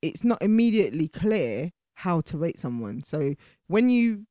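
A blunt British woman speaks as a podcast guest, her pitch swinging widely as she talks. She often mocks what others say. The recording is close and dry. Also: unhurried, no room sound. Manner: blunt, animated, mock-quoting others. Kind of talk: casual podcast chat.

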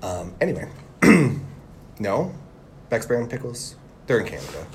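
A man's voice: mid-range voice, wildly swooping pitch, a little slow, creaky, a little hiss or hum, low-quality recording. A man co-hosting a podcast in casual chat, joking and rambling, playfully boastful. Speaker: podcast co-host.

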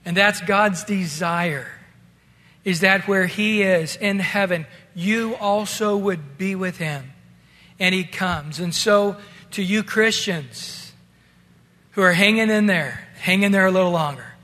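A male pastor preaching a sermon in a relaxed, conversational way, talking to his listeners as guys. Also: high-pitched, slow pace, big-room sound.

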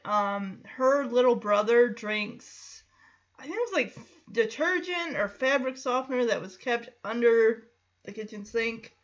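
A woman's voice: a little high, a bit bright. A woman hosting a podcast, rambling through a casual episode recap with many hesitations. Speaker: podcast host. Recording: slightly muffled podcast audio.

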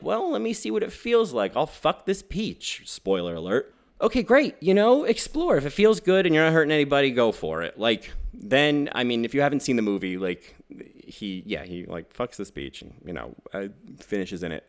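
Man, film commentary, indignant and mocking, pitch swinging all over. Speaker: film critic.

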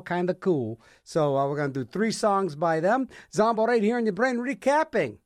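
A man's voice: fairly high pitch, no room sound, clean studio sound. A man hosting a music radio show, chatting casually between records and rambling through jokes and acted-out little scenes.

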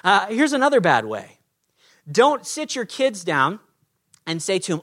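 A man preaching a sermon as a pastor, in a conversational, animated way, acting out little scenes. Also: high-pitched, measured pace, pauses often.

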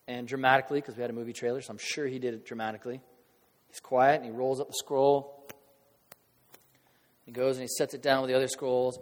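A middle-aged man preaching a casual, conversational sermon, swinging from hushed asides to loud bursts as he acts out crowd reactions. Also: medium pitch. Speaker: pastor. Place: church sanctuary. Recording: long hall reverb.

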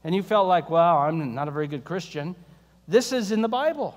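A man preaching a sermon as pastor, conversational and animated, mixing scripture reading with sarcasm and humor. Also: high-pitched, fairly quick, big-room sound.

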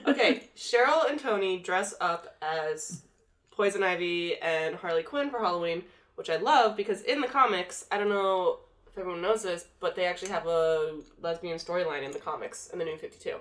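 A woman's voice: fairly low pitch, normal speed. A woman co-hosting a podcast in casual chat, teasing her friends and telling stories animatedly. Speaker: podcast co-host.

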